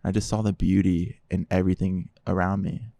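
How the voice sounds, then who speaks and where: Man, low and gravelly, casual podcast guest acting out the dialogue as he tells his story. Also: brisk, dry recording. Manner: animated storyteller, quotes others in dialogue.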